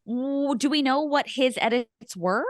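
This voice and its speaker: A woman's voice: high-pitched, unhurried, dry recording, clean studio sound. A woman co-hosting a podcast, chatting casually and rambling with frequent laughs. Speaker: podcast co-host. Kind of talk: casual chat.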